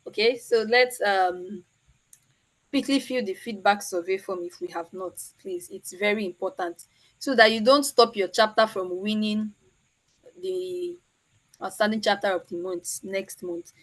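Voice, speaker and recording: A woman's voice: medium pitch, lively intonation, unhurried. A Nigerian woman hosting an online meetup over a video call, chatty and teasing. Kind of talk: casual chat.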